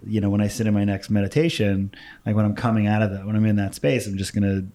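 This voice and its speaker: A man as a podcast host, giving quick, agreeable replies and short affirmations in a casual interview. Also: fairly low pitch, flat delivery, mellow.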